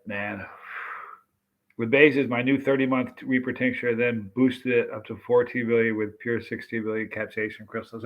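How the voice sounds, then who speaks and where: A man with a mid-range, fairly bright voice hosts a live stream, chatting and reading comments while a very hot pepper extract burns his mouth. He gasps, exclaims and hiccups as the burn sets in.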